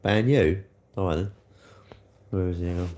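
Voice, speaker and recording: A man chatting casually with viewers on a livestream, bantering as he reads comments, his throat a little hoarse. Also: low-pitched, moderate pace, dark tone. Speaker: livestream host.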